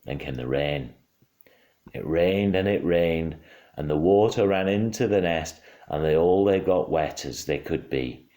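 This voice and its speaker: Deep, lively dad narrator reading aloud at home, roomy sound. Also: male voice, measured pace. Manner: expressive, hushed at quiet moments. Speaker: father reading to his child.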